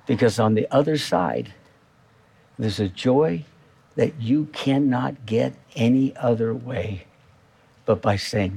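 A man's voice: mid-range voice, takes it slowly, creaky, pauses often, mellow, husky. A male pastor preaching a sermon in a church, talking to the congregation in a conversational way and repeating key phrases.

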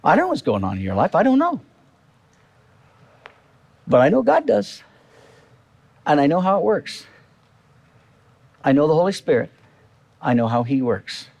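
A man's voice: on the high side, huge pitch swings, moderate pace, vocal fry, pauses often, a little mellow. A male pastor preaching a sermon in a church, talking to the congregation in a conversational way and repeating key phrases.

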